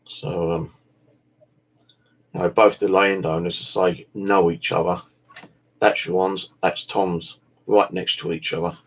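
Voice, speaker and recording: This bushcraft vlogger has a deep, flat voice and talks a little slowly, leaving long pauses. Weary and meandering, he fills his chat with "like" and "you know" and drops the occasional curse.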